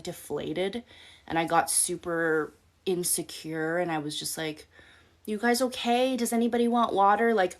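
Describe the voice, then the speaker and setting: A woman life coach hosting a live-stream advice talk, speaking bluntly with casual swearing and often checking in with "okay?". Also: lowish voice. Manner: blunt, profane, direct coaching tone; addresses listeners with frequent "okay?" check-ins.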